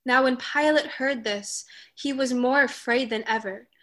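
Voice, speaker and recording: A woman narrating a dramatized scripture reading in a clear, measured way. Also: high-pitched, a bit bright.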